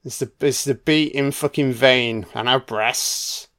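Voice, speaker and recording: A man's voice: medium pitch, fairly even intonation, measured pace, fairly bright tone. A man giving a casual, crude audio commentary while watching a film. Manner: crude, chatty, sweary.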